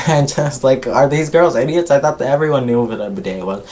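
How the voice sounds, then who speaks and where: A man chats through a reality show episode in a loose, gossipy way, swearing freely and skipping parts with filler. His voice sits at an ordinary middle pitch. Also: brisk, a little mellow. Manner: gossipy, swears a lot, skips ahead with "blah, blah, blah". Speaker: vlogger reviewing a reality show. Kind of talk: casual recap.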